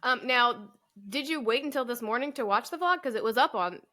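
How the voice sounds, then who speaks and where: A woman co-hosts a casual business podcast, chatting and joking at her own expense while laughing often. Her voice is fairly high, bright and pushed, and she talks a little fast.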